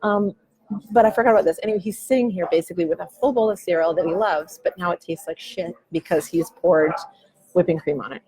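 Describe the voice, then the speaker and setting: A woman's voice: lowish voice, fast talker, mellow, low-quality recording. A woman in her forties talking candidly in a coffee shop, musing loosely and swearing casually as a podcast host. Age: 40s. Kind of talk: candid reflective chat.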